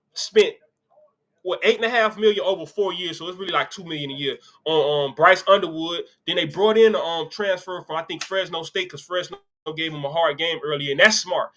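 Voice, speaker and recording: A man's voice: sits high, a bit bright. A man hosting a casual sports live stream, talking loosely through college football results and reading viewer comments with offhand asides. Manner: loose, conversational, reads comments aloud with asides. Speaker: sports show host.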